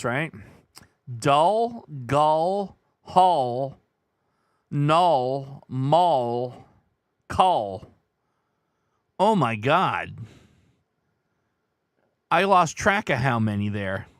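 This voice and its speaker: A man's voice: on the high side, a bit bright, no room sound, clean studio sound. A man hosting a casual live stream, thinking aloud as he weighs guesses and chats with viewers.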